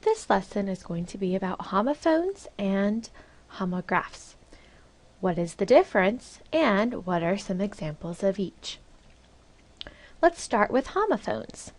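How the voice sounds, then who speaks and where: A woman teacher explaining a topic clearly in a recorded video lesson. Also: mid-range voice, big pitch swings, measured pace.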